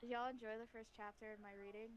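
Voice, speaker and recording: A woman's voice: a little high, little pitch movement, racing. A woman joining a friend's livestream to read fanfic aloud. She talks in a playful, encouraging way and uses breezy greetings. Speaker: friend co-reading on a stream. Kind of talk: casual livestream chat.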